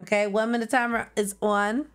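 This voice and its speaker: Excitable young woman streamer. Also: a little high, normal speed, clear, resonant tone, faint music behind. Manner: excitable, loud and playful. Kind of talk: casual chat while playing a party game with friends on stream.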